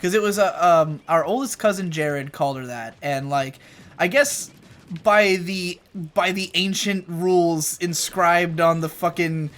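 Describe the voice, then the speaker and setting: In a room at home, a young man co-hosting a laid-back gaming chat rambles through a story, tossing in casual swearing and jokey exaggeration. His voice is high and fairly bright, and he speaks without hurry.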